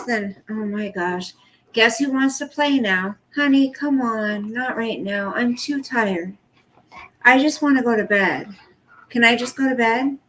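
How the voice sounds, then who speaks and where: A woman's voice: a little high, a bit bright, slight background noise. A woman hosting a casual livestream from home at night, chatty and apologetic, cooing at her pet in between. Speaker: livestream host.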